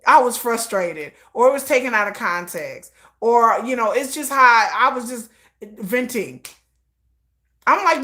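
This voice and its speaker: Woman on a livestream, kinda high voice, blunt and slangy, swears a lot and laughs. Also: expressive, normal speed, sharp tone. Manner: blunt, emphatic and opinionated, with frequent laughs; slangy and profane. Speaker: livestream host. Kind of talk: casual livestream commentary.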